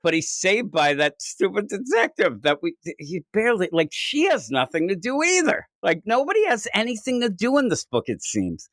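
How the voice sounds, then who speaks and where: A man's voice: sits high, huge pitch swings, normal speed, few pauses, a bit bright, no room sound, studio quality. A man co-hosting a podcast, chatting casually about comics and slipping into goofy quoted voices. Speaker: podcast co-host. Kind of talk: casual comic book review chat.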